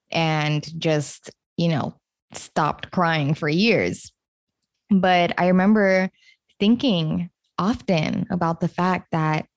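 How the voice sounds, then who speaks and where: Unhurried, reflective woman podcaster, dry sound. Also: sits low, no room sound. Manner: reflective and unhurried, with gentle stresses. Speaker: podcast host. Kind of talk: solo podcast monologue.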